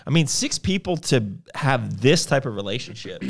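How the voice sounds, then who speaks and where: A man's voice: mid-range voice, big pitch swings, normal speed, gravelly. A man with a mid-range voice joins a casual conversation. He pushes back with skeptical, plain-spoken questions.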